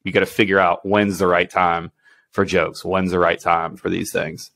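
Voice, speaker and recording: A man's voice: low-pitched, flat delivery, moderate pace, creaky, fairly bright tone, dry recording. A man co-hosting a podcast as a special warfare operations superintendent, talking bluntly and acting out quoted exchanges. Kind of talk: casual podcast chat.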